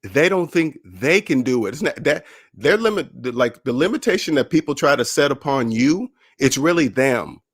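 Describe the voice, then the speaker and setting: A man's mid-range voice, carrying a breathy edge, moves at a moderate pace while he hosts his own personal finance channel. He speaks casually and motivationally, animatedly imitating other people's voices in the quotes within his stories.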